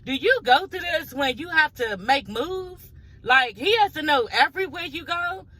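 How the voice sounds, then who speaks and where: A woman's voice: high voice, animated, normal speed, pushed and bright, no echo, poor audio. A woman recapping a reality show in a casual gossip vlog, blunt and profane, talking straight to her viewers.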